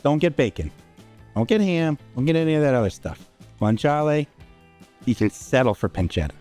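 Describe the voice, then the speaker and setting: A man's voice: a little high, lively intonation, moderate pace, mellow, soft background music. A man hosting a home cooking demonstration, talking casually and tossing in "all right?" asides as he cooks in his kitchen. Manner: chatty, informal, with frequent "all right?" asides.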